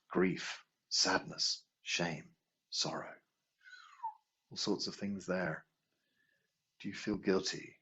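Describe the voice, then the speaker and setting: A man teaching a healing class in a relaxed, anecdotal way, asking rhetorical questions as he goes. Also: husky. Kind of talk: conversational teaching talk. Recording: dull low-quality video sound.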